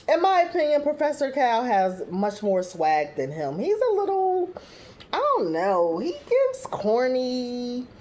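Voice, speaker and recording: Young woman recapping a reality show, mellow tone, lots of "you know"s, kinda sassy. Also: medium pitch. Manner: chatty, full of "you know" and "um" fillers; blunt, sassy asides. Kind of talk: casual recap commentary.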